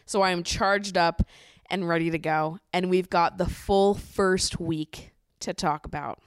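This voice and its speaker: A woman's voice: fairly low pitch, fairly even intonation, measured pace, smooth, no echo, studio quality. A young adult woman hosting a casual chat podcast, bubbly and gushing, laughing often. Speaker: podcast host.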